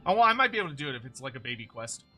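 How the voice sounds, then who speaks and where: Bright-voiced male streamer. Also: mid-range voice, very animated, rapid-fire, faint music behind. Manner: rambling, many fillers. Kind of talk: casual gameplay commentary.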